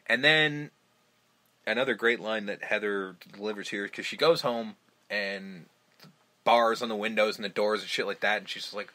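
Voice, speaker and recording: A man's voice: fairly low pitch, moderate pace, sharp tone. A man hosting a casual film podcast, retelling movie scenes with lots of swearing. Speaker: podcast host.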